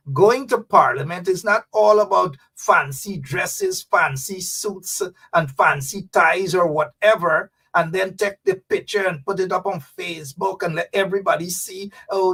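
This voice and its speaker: A man's voice: high-pitched, vocal fry, fairly bright tone, husky, recorded from a distance. A man hosting fiery, mocking political commentary, talking straight to his audience. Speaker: host.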